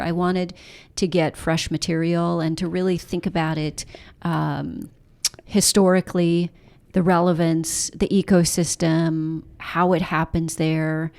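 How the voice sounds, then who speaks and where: Low-voiced woman author in interview. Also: steady tone, measured pace, vocal fry, darkish tone. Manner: thoughtful, many fillers and restarts. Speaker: author and journalist, podcast guest. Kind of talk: conversational interview.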